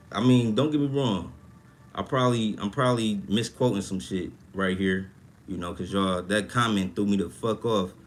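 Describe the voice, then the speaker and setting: A young man hosting a casual livestream, talking in a profane, rambling way and reacting to chat comments. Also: on the low side. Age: young adult. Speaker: livestream host. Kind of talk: casual livestream talk about money.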